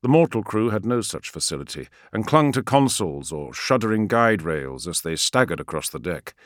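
A man reading a sci-fi war story aloud as an audiobook narrator, in a dramatic, measured way. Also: on the low side, sing-song, dry recording, clean studio sound. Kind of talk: scripted fiction narration.

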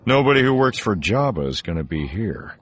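A man's voice: lowish voice, big pitch swings, fairly quick, a little hiss or hum. A man reading an audiobook voices a wry, weary male space smuggler in a dry, sardonic way. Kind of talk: audiobook narration.

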